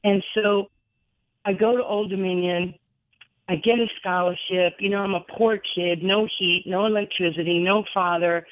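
60s woman from new york telling lively stories over the phone, tinny phone sound, dry. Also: lowish voice, moderate pace, no echo. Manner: animated, laughing storyteller. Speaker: guest, former basketball player. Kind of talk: storytelling interview over the phone. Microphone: telephone.

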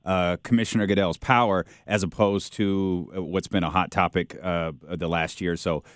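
A man co-hosting a radio talk show, casual with halting restarts. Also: sits low, a bit bright, smooth, dry recording, studio quality. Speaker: radio co-host. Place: radio studio.

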